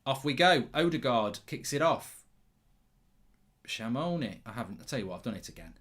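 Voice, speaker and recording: A man's voice: mid-range voice, sing-song, normal speed, fairly bright tone. A man hosting a live football watchalong, chatty and teasing, reading out viewer comments with lots of stammered restarts.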